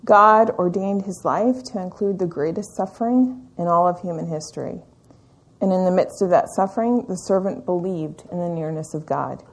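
A woman teaching a Bible study in a church meeting room, speaking in an earnest, reflective and measured way with the occasional "um". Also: medium pitch, a little mellow, husky.

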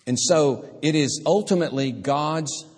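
A man's voice: fairly high pitch, measured pace, a little mellow. A man preaching as a pastor, teaching carefully through a Bible passage and often restarting his words. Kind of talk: expository sermon. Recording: husky voice in a reverberant hall.

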